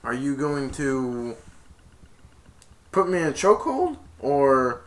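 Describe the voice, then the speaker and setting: A man voicing the Grinch, a grumpy green male creature, with loud, high exclamations. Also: sing-song, takes it slowly. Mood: mocking.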